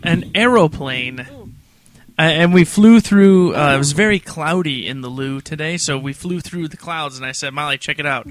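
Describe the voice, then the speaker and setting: A man's voice: on the high side, normal speed. A man co-hosting a podcast in casual chat, rambling easily through a story. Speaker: podcast co-host.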